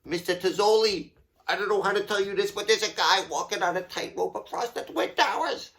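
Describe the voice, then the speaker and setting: A man voicing a flustered male janitor who rushes out his words in alarm. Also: high voice, a bit bright, pitched above the performer's own voice.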